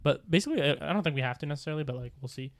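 A man's voice: on the high side, animated, very fast. A young man co-hosting a casual podcast chat, telling a rambling story full of fillers. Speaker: podcast co-host.

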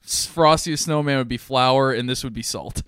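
A man co-hosting a casual comedy podcast about movies, swearing a lot, laughing often and excitedly acting out characters. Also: mid-range voice, normal speed, clear, resonant tone, dry recording, studio quality. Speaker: podcast co-host.

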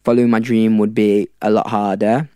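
Young male podcast guest from South Africa, low-pitched, loose and chatty, tells stories with fillers. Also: little pitch movement, brisk, warm tone, clean tone, no room sound. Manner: rambling, with fillers and laughs. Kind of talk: casual storytelling.

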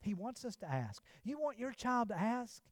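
High-voiced man preaching emphatically. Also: sing-song, normal speed, no room sound. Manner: emphatic preaching, pitch swinging from raised declarations to low hushed phrases. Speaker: pastor. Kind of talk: sermon. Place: church.

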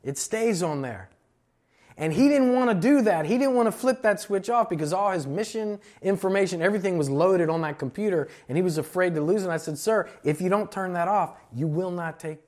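A male pastor preaching a sermon, emphatic and slowing down to stress key phrases. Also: high-pitched.

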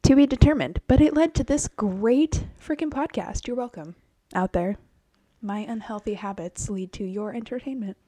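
Woman podcast co-host, lively, blunt and profane, slightly high voice. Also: normal speed. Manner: animated, swears a lot, acts out quotes. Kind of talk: casual book chat.

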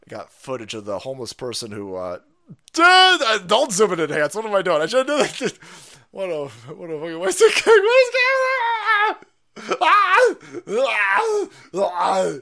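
A man hosting a stream, ranting loudly about politics with constant swearing and bursts of laughter. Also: fairly high pitch, huge pitch swings, brisk. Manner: loud, swearing, laughing at his own jokes. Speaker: stream host. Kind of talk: profane political rant.

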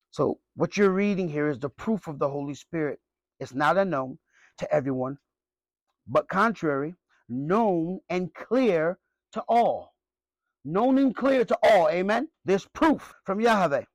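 A man pastor preaching a sermon, emphatic, with frequent questions to the congregation and sharp swings between loud high bursts and low quiet asides. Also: no echo.

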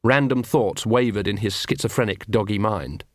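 A man's voice: on the low side, normal speed, no echo. A man narrating a comic fantasy audiobook in a dry storytelling manner. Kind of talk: scripted narration.

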